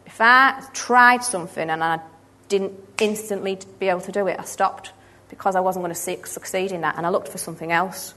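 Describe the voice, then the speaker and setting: Woman, 30s, earnest church testimony, halting delivery, mid-range voice. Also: medium pitch, pushed and bright, slight background noise. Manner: earnest, halting, with many restarts. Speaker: church member giving testimony. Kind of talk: personal testimony storytelling.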